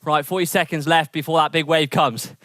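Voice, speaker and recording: A man coaching an indoor cycling workout, energetic and encouraging as he calls out intervals and counts down, sweating as he rides. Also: fairly high pitch, fairly quick, dry recording, clean studio sound. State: sweating from exertion. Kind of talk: coaching a training session.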